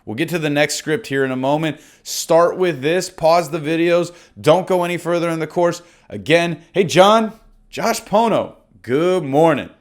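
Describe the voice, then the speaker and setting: A man's voice: a little high, normal speed, few pauses. A young man coaching real estate agents on cold-call scripts, speaking energetically and confidently. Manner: energetic, confident, demonstrates lines aloud. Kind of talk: course lesson on phone scripts.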